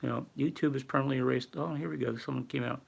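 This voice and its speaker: A man's voice: mid-range voice, steady tone, fast talker, vocal fry. An older man hosting a casual livestream, rambling and reading viewer chat aloud with lots of fillers. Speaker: livestream host. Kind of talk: casual live-stream talk.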